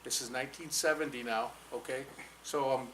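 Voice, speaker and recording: Bright-voiced storyteller man in his 60s. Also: mid-range voice, brisk, a little hiss or hum, rough recording. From New Mexico, US. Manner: animated storyteller, switching into Spanish for quotes. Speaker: guest speaker. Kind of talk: storytelling talk at a fireside chat. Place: college event hall with audience.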